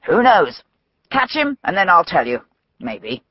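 A woman voicing a brisk, cheerful middle-aged male police surgeon, wry and matter-of-fact, for an audiobook. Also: fairly low pitch, very animated, no echo, muffled recording.

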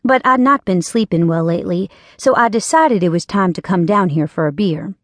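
A woman's voice: lowish voice, normal speed, no echo. A woman narrating a first-person audiobook in a wry, dry storytelling manner.

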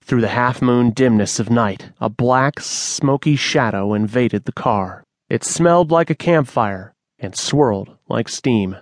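A man reading an audiobook aloud, telling a suspenseful story in a measured way on a close studio mic. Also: mid-range voice, dry recording. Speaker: audiobook narrator. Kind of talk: scripted audiobook narration.

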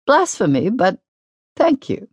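A woman voicing a polite, spirited teenage girl singer in an audiobook, high and earnest. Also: huge pitch swings, takes it slowly, slightly rough, dry recording, studio quality, heavily acted.

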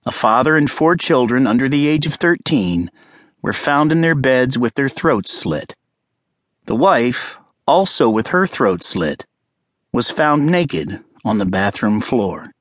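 A man narrating an abridged crime thriller audiobook in a steady, grave storytelling manner. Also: mid-range voice, a little slow, no room sound, studio quality. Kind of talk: scripted narration.

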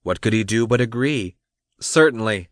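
A man narrating a romance audiobook, reading in an expressive storytelling manner. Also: lowish voice, measured pace, dry recording, clean studio sound. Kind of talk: scripted narration.

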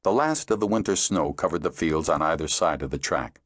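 A deep-voiced man reads a fantasy audiobook in a measured storytelling manner. His intonation moves lively around a low base. The sound is dry and close, without room echo. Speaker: audiobook narrator. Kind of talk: scripted narration.

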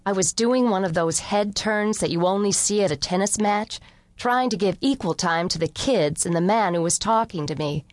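A woman narrating an unabridged mystery audiobook in the first person, with a measured, wry storytelling delivery. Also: mid-range voice, dry recording.

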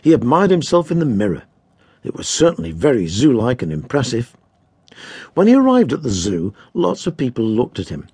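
Male narrator for children's story, expressive, husky, dry close recording. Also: medium pitch, normal speed, no echo. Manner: gently amused, expressive. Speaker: audiobook narrator.

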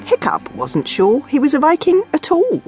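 A woman reading her own children's book aloud, with a playful, expressive delivery and whispered asides. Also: high voice, moderate pace, music in the background. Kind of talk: expressive storybook narration.

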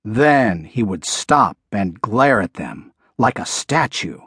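Husky-voiced man reading a children's storybook. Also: no echo, studio quality. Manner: expressive storytelling, dropping low for the bull's menace. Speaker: audiobook narrator.

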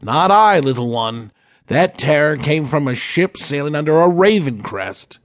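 A man voicing a bold, gruff male pirate captain in a children's storybook, swaggering and commanding. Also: on the high side, animated, a little slow, no room sound, studio quality. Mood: scoffing.

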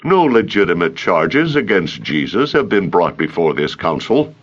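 A man voicing a calm, dignified older male councilman in an audiobook, speaking deliberately. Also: deep voice, muffled recording.

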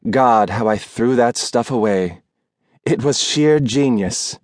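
A man's voice: medium pitch, slow, darkish tone, no echo, clean studio sound, natural voice. A man voicing a faded former film star, an older woman who is grand, theatrical and fond of drink. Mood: grandiose. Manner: haughty and theatrical.

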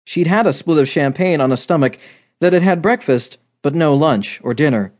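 A man reading a romance novel aloud in steady, measured scripted narration. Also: fairly high pitch. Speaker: audiobook narrator.

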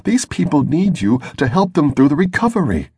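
A man's voice: a little high, very animated, normal speed, slightly rough, dry recording, clean studio sound, voice pushed up, full character voice. A man voicing an angry, insistent young woman spacer in an audiobook. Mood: pleading. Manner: insistent, forceful. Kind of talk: audiobook narration.

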